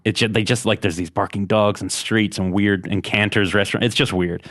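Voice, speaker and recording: A man with a fairly low voice co-hosts a podcast in casual chat. He talks in long, rambling stretches full of restarts. He ribs his co-hosts in a deadpan way. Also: a little fast. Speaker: podcast co-host.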